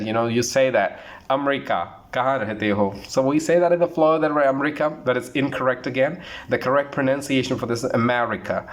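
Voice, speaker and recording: Earnest man teaching pronunciation. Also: medium pitch. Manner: earnest, repetitive, slows down to model words. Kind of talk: online pronunciation lesson.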